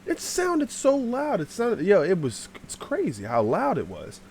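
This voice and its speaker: A man telling a casual, rambling storytime to his channel, slangy, with sudden shouted bits. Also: sits high, unhurried, slight background noise. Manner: animated, swears, shouts out acted lines.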